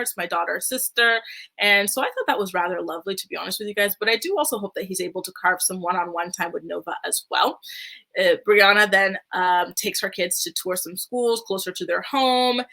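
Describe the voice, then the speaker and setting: Sassy, bright-voiced woman recapping TV. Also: medium pitch. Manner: sassy, chatty, heavy use of "like". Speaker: reality TV recap host. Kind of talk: casual commentary.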